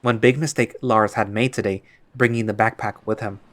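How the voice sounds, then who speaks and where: A man reading a story aloud as narrator in a plain, steady second-person voice. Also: fairly low pitch, moderate pace.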